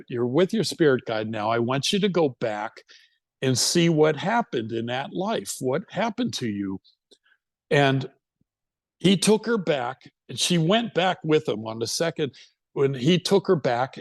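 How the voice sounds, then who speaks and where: A man's voice: on the high side, dry recording. Rambling man telling a client story. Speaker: hypnotherapist speaker. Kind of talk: recounting a case at a talk.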